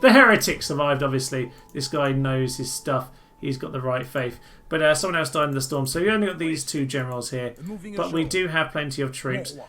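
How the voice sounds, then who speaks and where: A man's voice: a little high, brisk, few pauses, fairly bright tone. A man giving enthusiastic, jokey and rambling commentary as he plays a strategy game. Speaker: let's-play host. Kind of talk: gameplay commentary.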